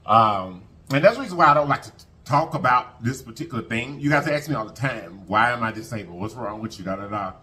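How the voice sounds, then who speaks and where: Male vlogger, bright forceful voice, heartfelt storytime, colloquial and repetitive. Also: mid-range voice, quick pace. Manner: heartfelt, repeats phrases, thanks God often; colloquial, addresses viewers as y'all. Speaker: mukbang vlogger. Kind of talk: emotional storytime to viewers.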